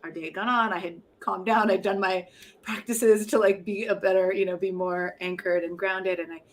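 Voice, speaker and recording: A woman's voice: medium pitch, steady tone, normal speed. A middle-aged woman, a poet and professor, talking frankly and reflectively in an interview, often laughing at herself. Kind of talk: candid conversational interview.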